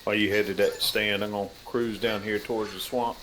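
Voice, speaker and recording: A man's voice: lowish voice, flat delivery, a little fast, fairly bright tone, slight background noise, rough recording. A man hosting a hunting game stream, chatting casually and teasing his guest. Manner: joking, teasing, laid-back. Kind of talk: casual gameplay chat.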